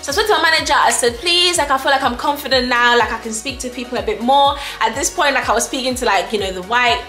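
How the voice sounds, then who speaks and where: A woman's voice: a little high, quick pace, bright, forceful tone, echoey room, faint music behind. A young woman from Ghana with a Ghanaian English accent, telling a casual storytime vlog, chatty and laughing often as she acts out exchanges. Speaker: vlogger.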